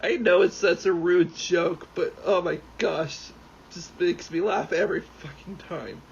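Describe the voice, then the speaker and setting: A rambling, excitable man commenting casually while he plays, swearing freely and jumping between thoughts. His voice sits a little high for a man. The recording is dull and lo-fi, with a faint hiss of noise behind him. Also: unhurried, vocal fry. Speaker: gaming YouTuber.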